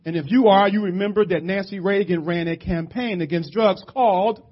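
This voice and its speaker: A middle-aged man from West Philadelphia preaching a sermon, animated and storytelling, shouting for emphasis. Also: sits high, moderate pace, slightly rough. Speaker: pastor. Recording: muffled lo-fi church audio.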